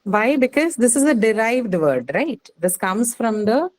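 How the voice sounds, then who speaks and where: A woman's voice: a little high, very animated, a little slow, darkish tone, rough recording. A woman teaching an English class on word stress, patiently quizzing students and repeating their answers.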